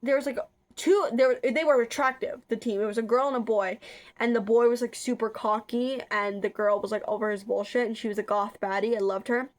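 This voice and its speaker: A woman's voice: a little high, steady tone, brisk. Rambling, chatty young woman vlogger. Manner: rambling, chatty, frequent filler words and restarts. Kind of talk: casual chat.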